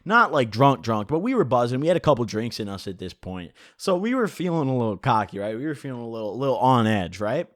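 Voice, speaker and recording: Animated young man telling a wild story. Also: mid-range voice, fast, few pauses, dry recording, studio quality. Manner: animated, profane, joking. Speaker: vlogger. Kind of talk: storytime vlog.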